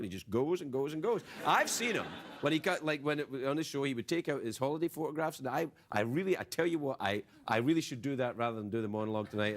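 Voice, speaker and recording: A man's voice: mid-range voice, a bit bright, slight background noise. A man hosting a late-night talk show, rambling through a playful, self-mocking comedic monologue in a television studio. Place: television studio with live audience.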